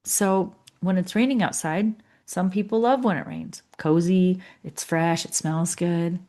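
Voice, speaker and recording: A middle-aged leadership coach with a slightly low, mellow voice speaks a little slowly during a coaching session. She's earnest and chatty, slipping into her clients' voices as she talks.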